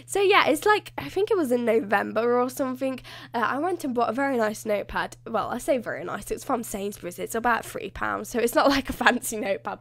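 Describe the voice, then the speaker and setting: A young woman rambling through a casual game voiceover, self-mocking and laughing often, her voice a little hoarse. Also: high-pitched. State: voice slightly hoarse. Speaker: gaming YouTuber.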